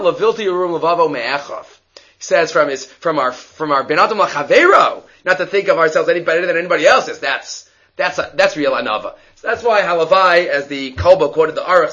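Animated high-voiced man teaching Torah. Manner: animated, acts out story voices, mixes Hebrew terms. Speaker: Talmud teacher. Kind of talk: daily Torah class. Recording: dull lo-fi recording.

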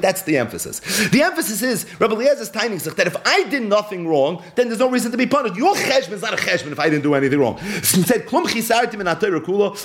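A man giving a Talmud lesson in English, mixing in Hebrew and Yiddish terms and telling the story with animated swings of voice. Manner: animated, swings between high and low when telling the story. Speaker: Talmud teacher. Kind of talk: Talmud lecture.

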